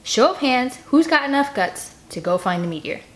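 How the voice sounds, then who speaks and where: A woman's voice: high voice, big pitch swings, normal speed, pitched above the performer's own voice. A woman doing a stern boy taking charge of the group in a firm, raised voice. He speaks with clipped authority in a storybook reading. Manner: firm, commanding. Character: commanding older boy, stern.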